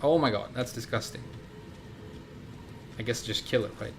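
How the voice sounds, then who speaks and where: A man's voice: medium pitch, normal speed, a little hiss or hum. A man in his thirties from Sweden, chatting casually in a rambling way while commenting on his own gameplay. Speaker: game streamer.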